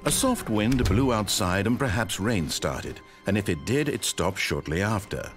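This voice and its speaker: A male narrator of a video game telling the story in a dry, wry way, his pitch rising and falling expressively. Soft music plays beneath his voice. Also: animated, unhurried.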